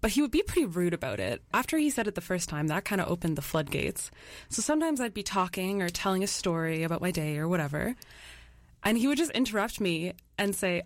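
Casual young woman, low voice. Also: big pitch swings, fairly quick, no echo. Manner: casual, with "um" and "like" fillers. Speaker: journalist, interviewee. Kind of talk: interview recollection.

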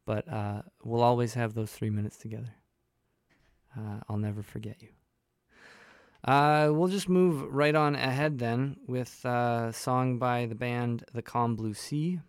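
A man's voice: medium pitch, a little mellow, clear, resonant tone, dry recording, studio quality. A young man hosting a college radio show, chatting casually in a rambling, self-deprecating way with many fillers. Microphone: studio microphone.

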